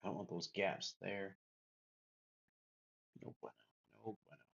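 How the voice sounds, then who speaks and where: A man's voice: sits low, fairly even intonation, unhurried, gravelly, fairly bright tone, husky, muffled recording. A man streaming himself drawing, muttering to himself as he works and chatting with viewers. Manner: mutters to himself while working, then greets chat. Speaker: illustration livestreamer. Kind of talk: casual chat while drawing on stream.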